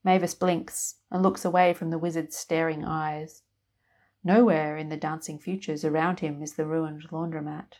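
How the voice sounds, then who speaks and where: A woman storyteller narrating a piece of fiction in a calm, even way. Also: sits low, moderate pace.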